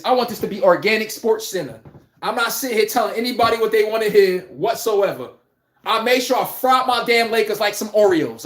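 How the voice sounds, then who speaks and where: A man's voice: sits high, a bit bright, roomy sound. A man hosting a casual live-stream sports podcast, talking bluntly and animatedly, swearing and laughing as he rants. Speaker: podcast host.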